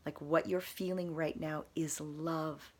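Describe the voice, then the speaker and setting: A woman vlogger telling a personal story in a casual, earnest, meandering way, repeating soft emphatic phrases. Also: low-pitched, fairly even intonation, takes it slowly.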